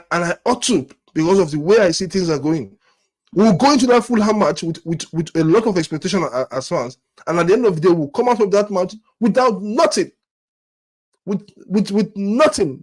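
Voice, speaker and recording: A man's voice: high-pitched, lively intonation, a little fast. Exasperated man ranting, stammering repeats. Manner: repetitive, stammering restarts, exasperated rhetorical questions. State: angry and disappointed. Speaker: football fan channel host. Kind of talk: frustrated fan rant to camera.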